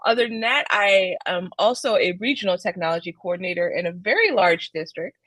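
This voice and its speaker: A woman's voice: lowish voice, fairly quick, fairly bright tone, dry recording. Bubbly woman, dry close mic. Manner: bubbly, laughs often, chatty. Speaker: author and founder being interviewed. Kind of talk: casual video interview. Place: home, child nearby.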